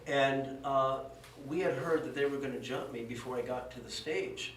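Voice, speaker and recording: A man's voice: medium pitch, moderate pace, fairly bright tone. A man giving an anecdotal eulogy at a memorial service, telling stories with chuckles and acting out quotes. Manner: chuckling storyteller, acts out quotes. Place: dojo hall at a memorial. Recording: roomy echo from far off, faint hiss.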